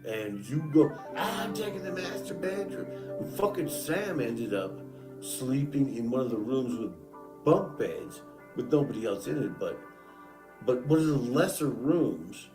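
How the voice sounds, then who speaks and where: A man vents in a long, bitter monologue, swearing at someone who isn't present. His pitch leaps around as he rants. The room is echoey and music plays underneath. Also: animated, unhurried. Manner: angry, profane, addresses absent man directly. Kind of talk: ranting monologue.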